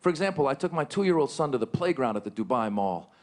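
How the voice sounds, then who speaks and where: A middle-aged man doing a stand-up comedy set on stage, animated and lively, leaping into high, loud voices for his punchlines. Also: quick pace. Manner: animated, jumps into shouted high-pitched bits for jokes. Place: large theater stage with a live audience.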